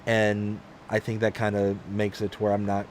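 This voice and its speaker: A man's voice: lowish voice, normal speed, slight background noise. A man hosting a livestream, telling a long personal story in casual chat and acting out the voices of the people in it. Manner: animated, acts out quoted voices. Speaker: livestream host.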